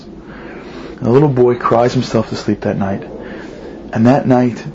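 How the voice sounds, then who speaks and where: A man's voice: mid-range voice, steady tone, a little slow, pauses often, warm tone, slight background noise. A man giving a religious talk and telling a story, earnest, asking questions and lifting his voice for emphasis. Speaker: religious speaker. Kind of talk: sermon with storytelling. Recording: slightly muffled recording.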